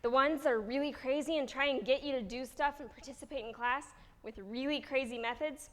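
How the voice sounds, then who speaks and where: A woman's voice: high-pitched, fairly quick, fairly bright tone. A young woman performing a comic monologue on stage at a student coffeehouse event, in a chatty storyteller manner. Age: young adult. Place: school coffeehouse event hall. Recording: echoey hall.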